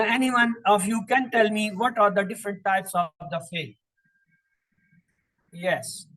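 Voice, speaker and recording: A man teaching Quranic Arabic in a classroom lesson, slowly drilling word patterns and asking questions that he answers himself. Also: high voice, fairly bright tone, low-quality recording. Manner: slow, repetitive recitation of word patterns.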